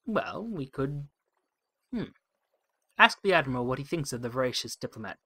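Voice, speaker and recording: A man's voice: medium pitch, very animated, normal speed, bright, forceful tone, husky, no echo. Wry musing let's play man. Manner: musing, wry, thinks aloud with many hmms. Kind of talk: game playthrough commentary, reading text aloud.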